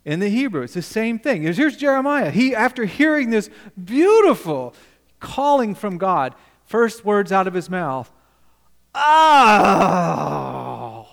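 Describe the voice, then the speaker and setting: A male pastor preaching a sermon, emphatic, questioning the congregation and swinging between loud and quiet. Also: sits high, sing-song, normal speed, big-room sound.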